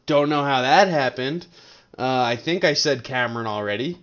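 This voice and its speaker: Speaking to a desk webcam, a young Coloradan runs through a laid-back fantasy league recap full of rambling jokes and teasing banter aimed at his friends. His mid-range voice has a fairly bright tone at normal speed, though the audio sounds dull.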